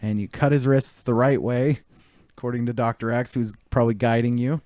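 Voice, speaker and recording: A man's voice: medium pitch, brisk, no room sound. Easygoing man running a tabletop game. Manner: relaxed, joking narration. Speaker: game master.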